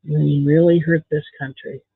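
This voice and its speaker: A man's voice: fairly high pitch, little pitch movement, normal speed, vocal fry, husky, no echo. A man from Canada chatting casually on a livestream while beading, giving blunt, candid opinions. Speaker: livestream host. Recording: tinny phone-like dry sound.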